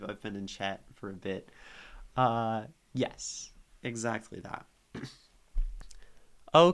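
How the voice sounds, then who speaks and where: A man's voice: mid-range voice, gravelly, fairly bright tone. A young man streaming live, casually talking through a poem and reacting to chat, thinking aloud at a desk mic. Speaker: streamer critiquing poetry.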